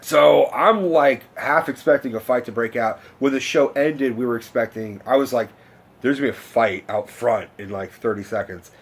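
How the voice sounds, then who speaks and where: A man's voice: medium pitch, normal speed, breathy edge. A young man, telling a story in a casual, rambling, profane rant to camera. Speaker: vlogger.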